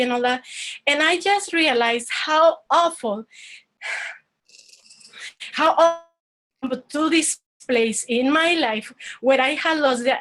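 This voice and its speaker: A woman. Her voice sits high, and she talks earnestly, stopping and restarting as she goes. She is heard over an online call. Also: fairly bright tone, low-quality recording. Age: 40s. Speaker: storyteller. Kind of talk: personal storytelling performance. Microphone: online video call.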